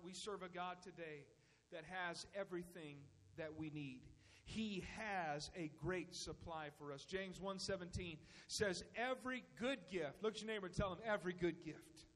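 A man's voice: high voice, measured pace, fairly bright tone, long reverb tail, slight background noise. A male pastor preaching a sermon, rising into emphatic bursts and acting out little dialogues.

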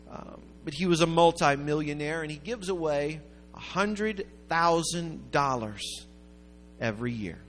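A man preaching a sermon, telling a story in a rambling way that builds to loud, emphatic peaks. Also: on the high side, a little hiss or hum. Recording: long hall reverb with faint music.

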